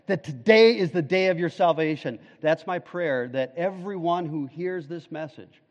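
A man preaching a sermon as pastor, with emphatic delivery that swings from loud urgent peaks to quiet low asides. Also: moderate pace, lo-fi sound. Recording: long reverb of a large hall.

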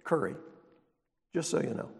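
A man preaching a sermon as pastor, teaching in a conversational way and asking the congregation rhetorical questions. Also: moderate pace. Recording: long reverb of a large hall.

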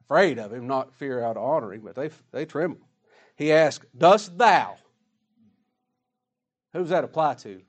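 A man preaching a sermon emphatically, swinging between loud declarations and hushed asides. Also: medium pitch, lively intonation, normal speed, pauses often.

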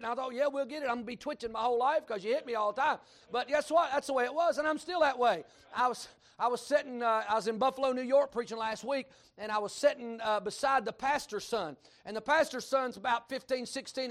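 High-voiced Kentucky pastor preaching. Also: male voice. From Kentucky, USA. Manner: folksy, animated storytelling, bursts of shouting. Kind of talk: sermon.

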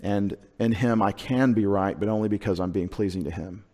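A man's voice: lowish voice, normal speed, dark tone. A male pastor, preaching a conversational sermon with joking asides to his congregation.

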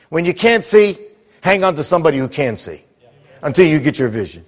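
A man with a high voice preaches a sermon in a church, pressing the congregation for answers as he goes. His voice rings out with a long echo through the large hall. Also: expressive, fairly quick, pauses often. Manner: call-and-response, prompting the congregation. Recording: echoey hall.

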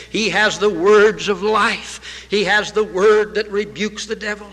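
A man's voice: sits high, fairly even intonation, a little slow, few pauses, a bit bright. A man preaching a sermon with fervor, repeating phrases and quoting scripture in old English. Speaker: pastor. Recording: reverberant hall.

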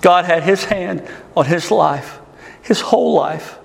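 A man preaching a sermon, impassioned and swinging between loud and soft. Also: a little high, slow pace, vocal fry, slight background noise. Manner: impassioned, rising and falling delivery. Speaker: pastor. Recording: long hall reverb.

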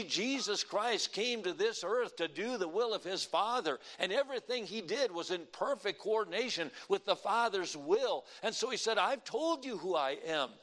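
A male pastor preaching a sermon, telling a folksy story and then preaching slowly and emphatically with deliberate pauses. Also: high voice, fairly bright tone. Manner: folksy anecdotal delivery.

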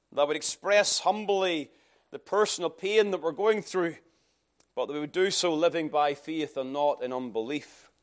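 A man preaching a sermon, emphatic, with rhetorical questions. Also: high voice.

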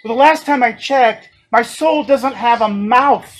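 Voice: mid-range voice, unhurried, rough recording. A preacher delivering a sermon, emphatic and fond of rhetorical questions.

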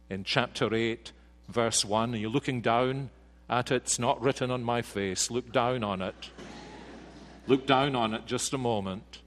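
Slow, emphatic male preacher in echoing hall. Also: mid-range voice. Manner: slow, emphatic, drops to quiet intensity then rises. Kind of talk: sermon. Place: church sanctuary. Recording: reverberant church hall.

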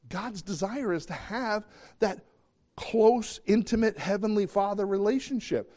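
In an unhurried, high voice, a middle-aged pastor preaches animatedly. He regularly performs the voices of the people he quotes.

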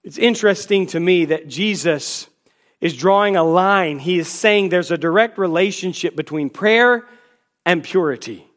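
A man's voice: high-pitched, a bit bright. A man preaching a sermon in an emphatic, repetitive, rhetorical way.

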